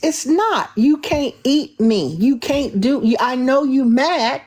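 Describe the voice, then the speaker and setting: Her voice is a little high and a little mellow as she runs a livestreamed show taking callers. Sassy and confrontational, she frequently repeats and restarts her sentences and talks about herself in the third person.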